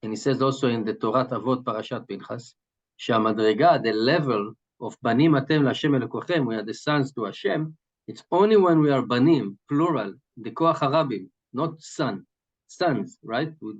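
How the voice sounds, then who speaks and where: A man's voice: mid-range voice, a little fast. A man teaching from a Hasidic text. He explains Hebrew terms in English and keeps asking "right?" as he goes. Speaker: Torah teacher. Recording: dull lo-fi recording.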